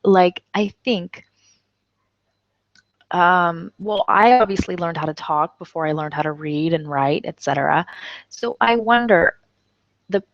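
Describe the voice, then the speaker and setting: Woman english teacher, chatty, tired and numb-jawed, lowish voice, dry muffled sound. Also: a little hiss or hum. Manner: chatty, laughs often, slow careful example sentences. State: tired, numb jaw from anesthesia. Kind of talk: casual online English lesson.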